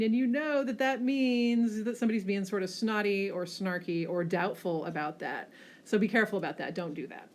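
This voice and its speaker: A woman teacher lectures a class from slides in a plain mid-range voice. She keeps checking in with a quick "okay?" and presses hard on the words that matter. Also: mid-range voice. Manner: frequent checking "okay?" tags, lively emphasis.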